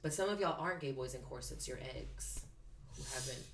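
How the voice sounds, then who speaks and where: A young drag performer chatting casually as a guest, telling stories full of "like" and animated impressions. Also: female voice, very deep voice, a little fast, noisy background. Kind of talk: casual chat. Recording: echoey room, voice somewhat off-mic.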